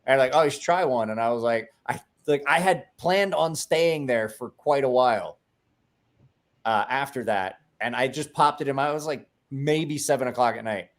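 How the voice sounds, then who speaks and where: A man hosting a casual after-show chat, telling rambling stories with bursts of laughter and loud acted-out quotes. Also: medium pitch, normal speed. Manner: rambling, laughing storyteller who acts out quotes loudly. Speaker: podcast host.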